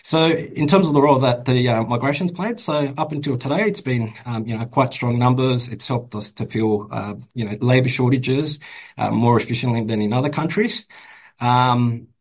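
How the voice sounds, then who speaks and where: A man's voice: medium pitch, normal speed, rough recording. A man with an Australian accent, a bank economist answering interview questions with many fillers and restarts. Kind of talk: casual interview commentary.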